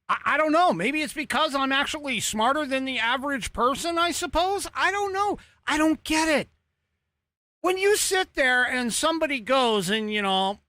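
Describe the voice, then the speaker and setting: A man's voice: very high voice, pushed and bright, dry recording. A man hosting a political talk show, rambling and exasperated, with sarcastic asides and an American accent. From United States. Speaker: podcast host. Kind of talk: casual political commentary.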